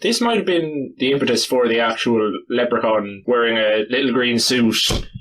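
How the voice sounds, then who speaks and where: A man's voice: mid-range voice, normal speed, fairly bright tone, a little hiss or hum, rough recording. A young Irish man co-hosting a podcast in casual chat, teasing with dry jokes. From Ireland. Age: young adult. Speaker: podcast co-host.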